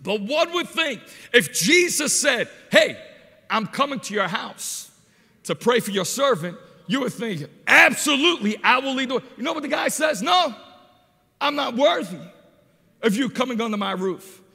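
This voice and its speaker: A man preaching a sermon as an evangelist, telling stories with animated delivery and shouting at the high points. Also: moderate pace, vocal fry, husky, big-room sound. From Portuguese parents.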